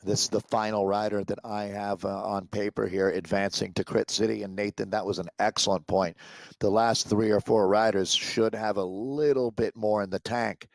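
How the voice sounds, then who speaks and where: A man with a gravelly, fry-edged voice at an ordinary pitch calls a virtual bike race, getting excitable as the finish nears. The sound is dry and close, like a headset mic. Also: moderate pace, no echo. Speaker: esports cycling commentator. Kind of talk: play-by-play race commentary.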